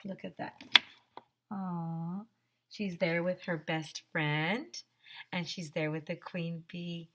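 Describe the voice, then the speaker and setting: Expressive teacher reading to children. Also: female voice, fairly low pitch, slow pace, noisy background. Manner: expressive, asks the class questions. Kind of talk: picture book read-aloud for children.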